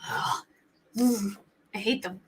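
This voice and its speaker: A woman's voice: mid-range voice, steady tone, takes it slowly, husky. A young adult woman hosting a true crime livestream, chatting casually in a rambling, flustered way and laughing easily.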